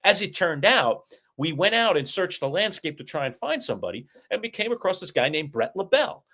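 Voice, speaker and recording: A middle-aged man co-hosts a live sports talk stream, his voice sitting slightly high for a man. He tells long stories in a lively, animated way, speeding up and slowing down as he goes. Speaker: co-host. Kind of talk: casual sports talk show chat.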